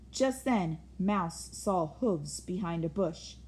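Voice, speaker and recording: A woman reading a children's story aloud in a gentle, expressive way. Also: medium pitch, takes it slowly, hardly any pauses.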